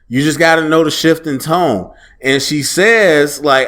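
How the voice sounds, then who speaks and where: Guy doing a casual episode review, kinda higher voice, loose chatty delivery, acts out the quotes. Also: unhurried, few pauses. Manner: conversational, animated, quotes dialogue in a loose relaxed tone. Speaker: TV show reviewer. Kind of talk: casual solo review talk.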